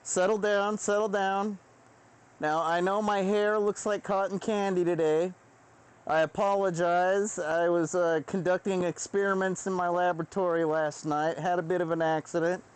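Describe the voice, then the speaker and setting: A man's voice: sits high, steady tone, normal speed, clear, resonant tone, close to an everyday voice. A man voicing a silly, cheeky male professor addressing a class in a mock-formal lecturing manner. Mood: mock-stern.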